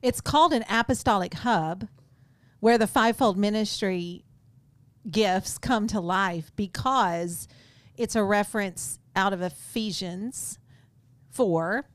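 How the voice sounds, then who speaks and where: A woman co-hosting a faith podcast who explains things in a calm, steady way. Her pitch is middle for a woman. The recording is dry and close-miked. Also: takes it slowly, no echo. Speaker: podcast co-host. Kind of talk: casual faith podcast chat.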